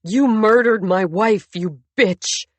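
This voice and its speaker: A man's voice: slightly rough, dry recording, full character voice. A woman voicing a venomous, bitter husband. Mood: furious. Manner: low, slow and venomous. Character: bitter, furious male husband in his prime.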